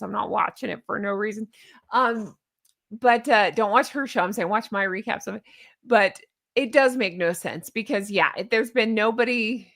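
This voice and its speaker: A woman's voice: a little high, creaky, a bit bright, no room sound, clean studio sound. A woman hosting a casual reaction commentary, chatty and sarcastic, laughing at her own jokes. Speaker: YouTube commentary host.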